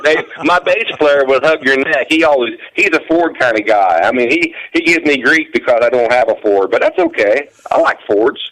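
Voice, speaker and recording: A man's voice: medium pitch, very animated, moderate pace, hardly any pauses, fairly bright tone, a little hiss or hum, poor audio. A man, a country musician and guest, talking in an easygoing, folksy way. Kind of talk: casual interview chat.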